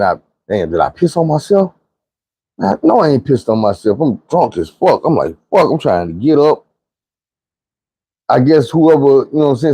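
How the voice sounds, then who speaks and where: A man tells a rambling personal story in a laid-back, slangy, profane way, voicing the people in it himself. His voice is mellow and warm at a middle pitch. The sound is dry and close. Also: no room sound. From Arkansas, US. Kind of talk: casual storytelling.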